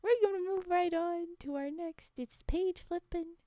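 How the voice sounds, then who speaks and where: Soft, high-voiced giggly woman streamer. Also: measured pace, dry recording, studio quality. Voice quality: soft-spoken, often drops to a whisper. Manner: giggly and playful. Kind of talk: ASMR stream chat with viewers.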